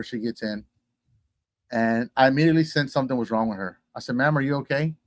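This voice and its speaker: A man's voice: medium pitch, no echo. Man telling a story in casual chat. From Texas. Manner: animated storyteller, acts out quoted voices. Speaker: guest.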